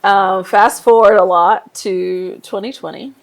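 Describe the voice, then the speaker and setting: A woman from Nigeria, an interior designer, telling her career story in a casual, lively way and laughing often. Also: medium pitch, measured pace. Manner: lively, laughs often, acts out quoted voices.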